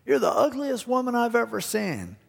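A man voicing a rude male parrot that taunts in a high, squawky, mocking voice. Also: big pitch swings, moderate pace, creaky, breathy edge, exaggerated voice. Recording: long hall reverb.

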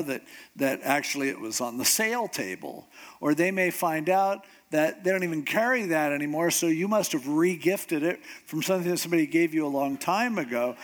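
A middle-aged man preaching a humorous sermon, telling stories and acting out the voices of the people he quotes. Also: fairly high pitch. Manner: animated storytelling, acts out quoted voices. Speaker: pastor.

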